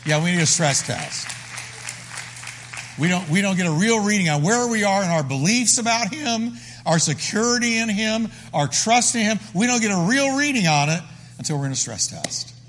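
High-voiced emphatic preacher man. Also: lively intonation, moderate pace, a bit bright, long reverb tail, a faint crowd, a little hiss or hum. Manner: emphatic preaching with repeated phrases. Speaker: pastor. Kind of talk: sermon.

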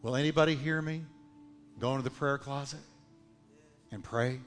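A pastor preaching a sermon in a church, swinging between loud, ringing calls and hushed, low lines. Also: male voice, steady tone, normal speed. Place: church sanctuary. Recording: long hall reverb with faint music.

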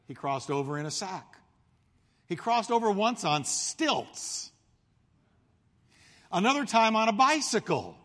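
A male pastor preaching a sermon, telling the story with animated delivery and acting out the voices of the crowd. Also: sits high, in a large hall.

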